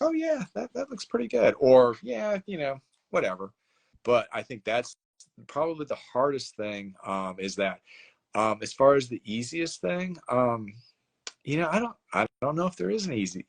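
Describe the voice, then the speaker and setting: A man talking as a guest author in a casual interview, rambling and self-deprecating with many fillers. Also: fairly low pitch.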